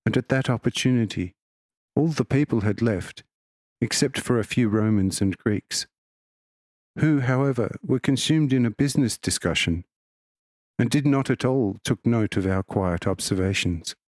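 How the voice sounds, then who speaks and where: A man of middle pitch reading a religious text as an audiobook, steady and measured from line to line. The sound is dry and close, with no room echo at all. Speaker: audiobook reader.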